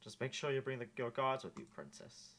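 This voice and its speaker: A woman voicing a smug, slippery male courtier with a slow nasal drawl. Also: a bass voice, very animated, full character voice.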